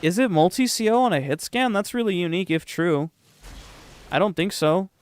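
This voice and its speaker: A man's voice: high-pitched, lively intonation, normal speed, smooth. A young man streaming a game, chatting casually with his chat in a sarcastic, profane, rambling way.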